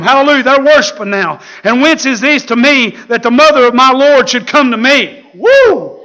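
A man preaching a fiery sermon, with shouted peaks and laughter. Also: very high-pitched, animated, moderate pace, few pauses.

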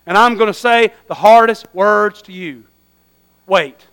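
A man preaching a sermon, swinging from hushed asides to loud, fervent cries. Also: high-pitched, unhurried, smooth.

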